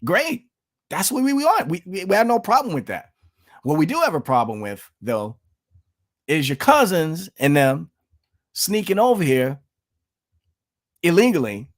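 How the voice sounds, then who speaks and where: A man's voice: on the high side, very animated, measured pace, pauses often. A man from the United States giving emphatic political commentary on his vlog, repeating himself and addressing viewers as folks.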